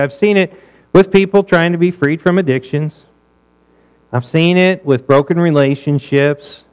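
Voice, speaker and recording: Brief: male pastor, fairly high voice, chatty sermon full of rhetorical questions. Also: poor audio. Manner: conversational, asks the congregation rhetorical questions.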